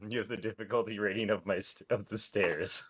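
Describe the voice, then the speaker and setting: A man's voice: lowish voice, fairly even intonation, a little fast, a bit bright, slight background noise. A man playing a tabletop game, jokey and stammering in casual chat. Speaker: player.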